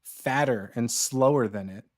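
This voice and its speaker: A man's voice: medium pitch, unhurried. A man narrating and explaining rules as the game master of a tabletop game.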